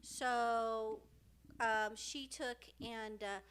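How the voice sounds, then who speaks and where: A middle-aged woman co-hosting a podcast, talking in a heartfelt, halting way with many fillers and restarts, close to tears at times. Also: fairly high pitch, fairly even intonation, fairly bright tone, clean tone. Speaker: podcast co-host. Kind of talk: heartfelt casual podcast chat.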